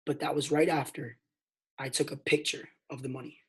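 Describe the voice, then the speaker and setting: A man telling a motivational story on a mentorship call, emphatic and excitable, swinging between hushed and loud and calling listeners "bro". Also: mid-range voice, a little fast. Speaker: network marketing mentor.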